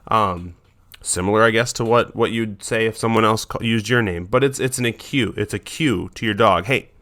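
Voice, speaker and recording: A man with a fairly low voice hosts a dog training podcast. He talks on his own in a loose, casual way, full of fillers and quick restarts. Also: a bit bright.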